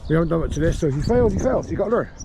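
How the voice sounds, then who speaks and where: A man, a dog trainer, calmly explaining a training session on an outdoor grass field. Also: a little high, very fast, background noise. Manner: calm explaining, with sharp shouted commands to a dog.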